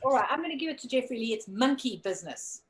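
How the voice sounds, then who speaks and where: Woman co-host, high and bouncy voice, running a guessing game on a video call. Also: quick pace, rough recording. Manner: animated, coaxing viewers to guess. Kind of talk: casual live-stream game chat.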